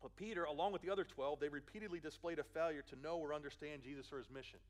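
Man, Philadelphia accent, pastor preaching a sermon, acts out the quotes, drops low for emphasis, fairly high voice. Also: rapid-fire. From Philadelphia, USA.

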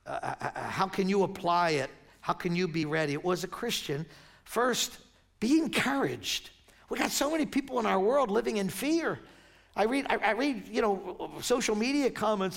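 A middle-aged man delivers a sermon as pastor. His voice sits high and carries a gravelly edge. He talks conversationally and stumbles and restarts mid-story. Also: animated, moderate pace. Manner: conversational, stumbling restarts when telling stories.

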